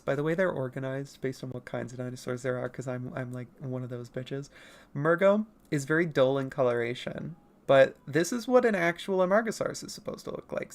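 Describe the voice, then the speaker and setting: An artist streamer chatting casually with viewers while drawing late at night, rambling, laughing often and deliberately keeping the voice pitched above its natural level. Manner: consciously holds voice higher than natural. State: up late, nearly four in the morning. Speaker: artist streamer answering chat questions.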